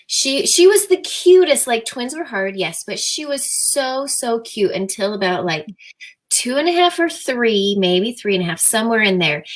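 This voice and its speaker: A woman in her thirties, a guest in an interview, telling her stories in a chatty, animated way with lots of fillers. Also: mid-range voice. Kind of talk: casual interview chat.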